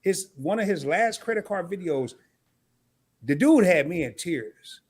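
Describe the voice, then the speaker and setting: Animated man hosting a live stream. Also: high voice, a little slow, breathy edge. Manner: animated storytelling, talks straight to the chat. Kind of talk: casual live stream chat. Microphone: camera mic.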